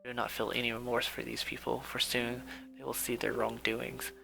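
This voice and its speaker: A man with a gravelly, creaky voice reads his own first-person adventure tale. He delivers it softly and a little dramatically, tripping over words now and then. Music plays clearly beneath him. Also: mid-range voice, monotone, a little fast, poor audio. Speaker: storyteller reading his own story. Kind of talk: first-person story reading.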